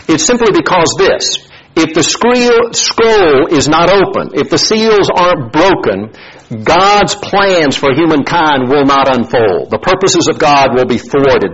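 A man, a pastor, preaching a sermon with animated, dramatic storytelling and rising emphasis. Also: on the high side, slightly rough, muffled recording.

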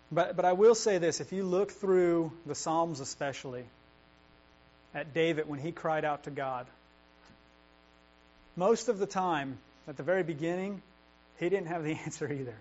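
A young man preaches a sermon in an earnest, conversational way, circling back and restarting his phrases as he thinks aloud. His voice sits a little high for a man. The recording is dull and lo-fi, with a steady mains hum behind him. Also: moderate pace, long pauses. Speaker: pastor.

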